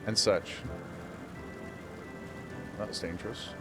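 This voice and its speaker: A man's voice: mid-range voice, expressive, normal speed, over loud music. A man streaming a game, chatting casually with viewers and laughing often. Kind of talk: casual live-stream chat while gaming.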